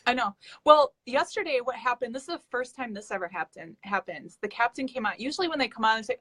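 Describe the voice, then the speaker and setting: A woman's voice: on the high side, very animated, quick pace, hardly any pauses, fairly bright tone. A woman from Wisconsin chatting as a guest on a live stream. She is talkative, tells stories and laughs often. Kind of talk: casual live-stream chat.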